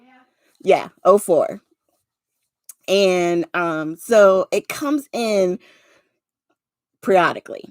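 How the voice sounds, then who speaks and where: A woman's voice: on the low side, slow pace, pauses often, dry recording. A woman in her forties from South Jersey with a Southern-tinged New Jersey accent, chatting casually with viewers while making crafts, rambling with many fillers. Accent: New Jersey with a Southern twang. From South Jersey, USA. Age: 40s. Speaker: craft livestream host. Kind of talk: casual craft livestream chat.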